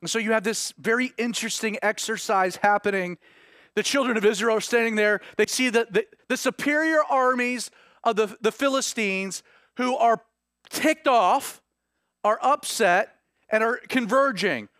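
A male pastor with a Southern US accent preaching a sermon, moving between hushed, slow stresses and rising, urgent passages. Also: sits high, dry recording, studio quality.

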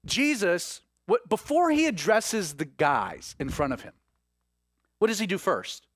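Animated high-voiced male preacher. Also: a little slow, dry recording, clean studio sound. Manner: animated, acts out quoted voices. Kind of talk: sermon.

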